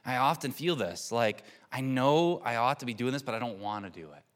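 A man's voice: medium pitch, lively intonation, fairly quick. Earnest man giving a reflective sermon. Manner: earnest, reflective, with soft laughs and repeated words. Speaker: pastor.

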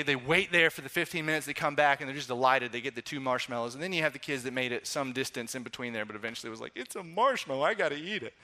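Bright-voiced man preaching conversationally. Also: fairly high pitch. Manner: conversational, animated storytelling with acted-out quotes. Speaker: pastor. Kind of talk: sermon.

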